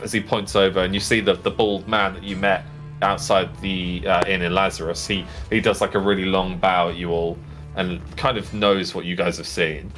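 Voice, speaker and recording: A man's voice: sits low, level tone, moderate pace, fairly bright tone, faint music behind. A man narrating as game master of a tabletop game, in a casual, rambling way full of fillers.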